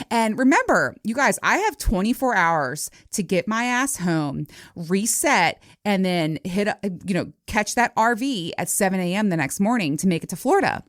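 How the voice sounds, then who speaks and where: A woman's voice: medium pitch, fairly quick, hardly any pauses, no room sound, studio quality. A woman in her forties hosting a podcast, telling stories in a casual, profane way and laughing often. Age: 40s. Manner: laughing, profane, animated storytelling. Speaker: podcast host. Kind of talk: casual solo storytelling.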